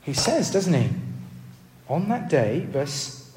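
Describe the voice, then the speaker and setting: A man's voice: on the high side, big pitch swings, slow, a little mellow, a little hiss or hum. A man preaching a sermon, earnest and questioning, often checking in with the congregation. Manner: earnest, asks the congregation questions, repeats words when restarting. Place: church hall. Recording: roomy hall reverb.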